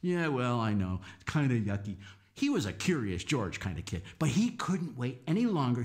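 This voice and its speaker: A man telling a story to children, animated and coaxing them to act along and count with him. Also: high voice. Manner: animated, coaxing kids to join in. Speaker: children's storyteller and folk musician.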